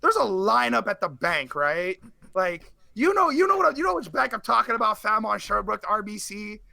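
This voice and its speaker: A man, a guest in a casual interview, telling a story in an animated, slangy way with swearing. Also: sits high, moderate pace, creaky, dry recording.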